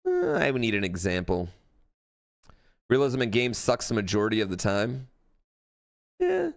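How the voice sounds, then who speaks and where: A man's voice: lowish voice, very animated, moderate pace. A man streaming live, reacting in a blunt, rambling way, with lots of fillers and swearing. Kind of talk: casual livestream reaction chat.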